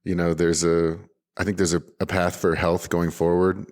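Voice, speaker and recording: A man's voice: low voice, level tone, normal speed, darkish tone. A man in his forties co-hosting a podcast, chatting casually and upbeat, rambling with lots of "like" and restarts. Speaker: podcast co-host. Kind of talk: casual unedited chat.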